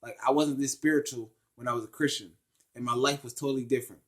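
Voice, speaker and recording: A young man in a casual spoken monologue, blunt, profane and preachy, growing loud and emphatic as he talks. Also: mid-range voice, fairly even intonation, fast talker. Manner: emphatic, rising to loud outbursts. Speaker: spiritual vlogger.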